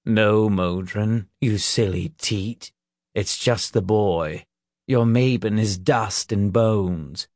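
A scornful old witch sneers and scolds in a low, hushed voice, as a man reads her aloud. She drags her words out slowly, never hurrying. The sound is dry and close. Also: dry recording.

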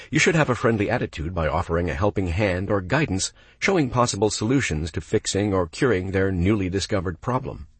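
Low husky man coaching landlords. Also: dry recording. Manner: coaching, step-by-step explanations. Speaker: property manager. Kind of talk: instructional narration with role-played phone calls.

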